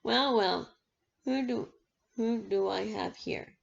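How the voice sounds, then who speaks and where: A woman voicing a soft-spoken menacing thug. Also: mid-range voice, slow, gravelly, pitched above the performer's own voice. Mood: mocking. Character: menacing adult male gang thug. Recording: dull lo-fi recording.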